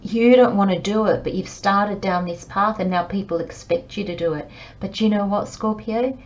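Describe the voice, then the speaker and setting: A woman's voice: medium pitch, normal speed, dull audio. Earnest woman giving a tarot reading. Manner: earnest, emphatic, talks straight to the listener. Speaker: tarot reader.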